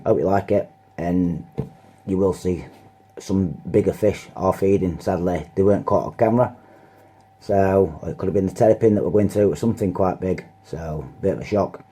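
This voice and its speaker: A man's voice: low-pitched, moderate pace, dark tone, husky. A man talking casually to camera as a fishing vlogger, rambling with lots of fillers. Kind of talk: casual vlog talk to camera. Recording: car noise in background.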